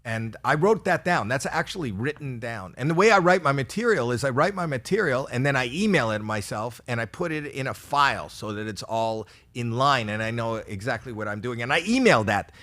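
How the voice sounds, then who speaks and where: A man's voice: medium pitch, lively intonation, fairly quick, hardly any pauses, a bit bright. Comic, man, 60s: rambling self-deprecating stand-up, stammery restarts. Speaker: stand-up comedian. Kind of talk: stand-up routine for a virtual audience.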